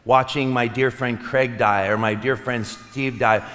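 Male pastor, mid-pitched, earnest sermon delivery, long hall reverb. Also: fairly even intonation. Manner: earnest, with soft slowed pauses. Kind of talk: Easter sermon. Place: church sanctuary.

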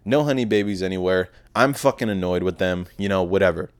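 The podcast host, a young man in his twenties, has a deep, clear, resonant voice and talks fairly quickly. His monologue is a casual, rambling story about a night out, full of profanity and self-deprecation.

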